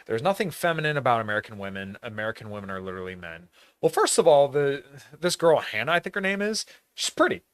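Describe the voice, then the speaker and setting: A man's voice: medium pitch, very animated, quick pace, smooth, no room sound, clean studio sound. A man from rural Pennsylvania hosting a podcast in a blunt, profane, casual monologue, laughing often. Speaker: podcast host.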